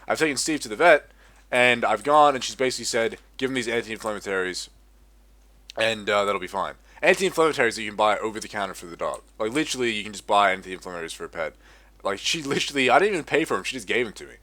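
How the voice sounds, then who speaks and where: A man's voice: fairly low pitch, lively intonation, fast talker, pushed and bright, dry recording. A young man ranting profanely in a casual gaming commentary. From Australia. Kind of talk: casual rant over gameplay.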